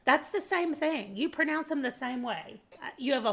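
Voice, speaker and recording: A woman's voice: sits high, expressive, moderate pace, gravelly, a bit bright. A woman from Arkansas with a Southern US accent, chatting casually to her viewers in a rambling way, laughing often and calling them y'all. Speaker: booktuber. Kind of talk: casual chat to camera.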